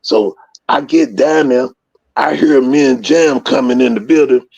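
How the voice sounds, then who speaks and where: A man with a gravelly, husky voice spins loose, profane stories in casual conversation. He acts out the scenes as he goes. The audio is slightly dull and lo-fi. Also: medium pitch, measured pace. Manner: profane, rambling storyteller who acts out scenes loudly. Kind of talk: casual storytelling.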